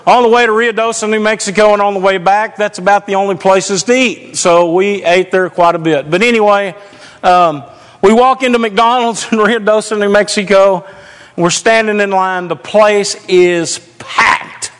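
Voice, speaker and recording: Male pastor, high voice, chatty folksy storyteller preaching in a church with a long echo. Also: fairly even intonation, normal speed, fairly bright tone, clear, resonant tone. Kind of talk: storytelling sermon.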